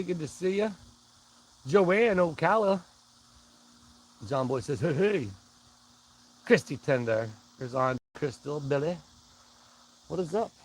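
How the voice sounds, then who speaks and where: A man's voice: mid-range voice, low-quality recording. A man hosting a casual live stream, rambling along and greeting viewers by name. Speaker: livestream host.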